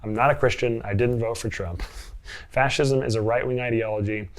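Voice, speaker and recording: A man's voice: mid-range voice, fairly even intonation, moderate pace. A man in a casual reaction vlog, reading comments and answering with amused sarcasm and frequent laughter. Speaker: online commentator. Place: living in Portland.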